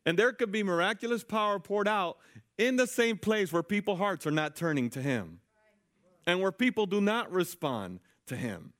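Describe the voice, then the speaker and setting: A man preaching a sermon, telling a story with lively voices for the people in it and often checking in with his listeners. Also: high voice, normal speed. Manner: animated storytelling, acting out quoted people.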